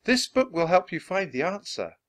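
A man reading aloud and voicing a gentle, mysterious old sorceress who speaks in a calm, measured way. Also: sits high, pitched above the performer's own voice.

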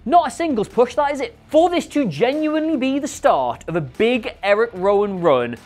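A man's voice: very high voice, moderate pace, soft background music. Sarcastic man hosting wrestling rumours. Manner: sarcastic, animated, rhetorical. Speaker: host. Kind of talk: scripted wrestling rumour commentary.

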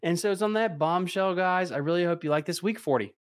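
Excitable man chatting on a podcast. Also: high voice, brisk, a little hiss or hum. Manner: excitable, laughing often. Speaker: podcast co-host. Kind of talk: casual chat.

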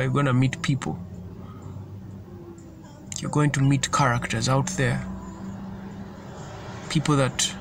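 A man delivers an informal sermon in an earnest voice of middling pitch. He circles back on his points and stumbles over words as he goes. Faint vehicle noise hums in the background. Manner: earnest, repetitive, stumbles and restarts. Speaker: preacher.

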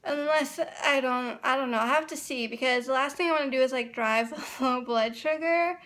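A woman's voice: sits high, moderate pace, fairly bright tone. A young woman vlogging in a chatty, rambling way, full of fillers, talking into a handheld phone camera. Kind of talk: casual vlog chat.

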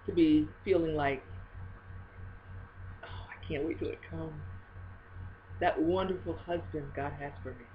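A woman talking in a casual faith video blog, expressive and swinging between hushed and loud. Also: lowish voice, dull audio, slight background noise.

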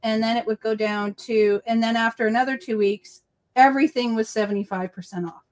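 Her voice sits high and steady, with a darkish tone and a brisk pace. This Boston-accented host runs a casual crafting livestream, rambling through stories and often correcting herself.

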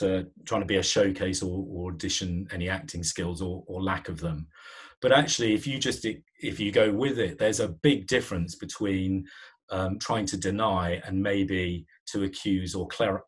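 Low husky guy running a webinar, chatty, lots of ums and restarts. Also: fairly even intonation, moderate pace. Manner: conversational, many fillers and restarts. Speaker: webinar presenter. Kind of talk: live webinar presentation.

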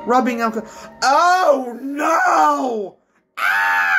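A woman giving let's-play commentary, excitable, swinging from low mutters to shrieks and screams. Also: very slow, shouting, faint music behind. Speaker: gamer.

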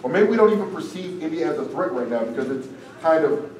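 A man teaching a debate class in a relaxed, conversational way, his voice strained and wearing thin. He sits a little high for a man and is picked up from a distance across a roomy, echoey classroom. A faint hiss runs underneath. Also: fast talker. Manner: casual, tags sentences with "right?". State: strained, tiring voice. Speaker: debate instructor. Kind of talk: classroom lecture. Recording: echoey room, far from the mic, faint noise.

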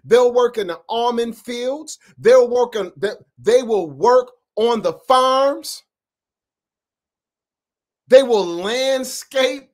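A man from upstate New York preaches in a loose, fiery style, full of slang and direct asides to his audience. His voice sits high for a man, and he swings between loud punches and quieter stretches. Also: slow. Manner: animated and emphatic, with street slang and asides to listeners. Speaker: Bible teacher. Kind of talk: informal preaching.

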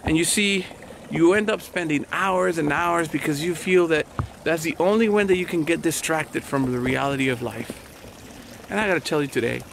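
A man preaching a conversational sermon, his slightly high voice carrying a gravelly edge. He circles back with repeated rhetorical questions, talking like a pastor to his congregation. Faint background noise sits under the voice. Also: fairly bright tone.

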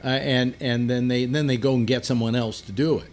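Halting, rambling male talk host. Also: mid-range voice, fairly even intonation, darkish tone. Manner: rambling and halting, many restarts; playful, teases callers. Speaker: radio talk show host. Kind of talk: casual call-in chat.

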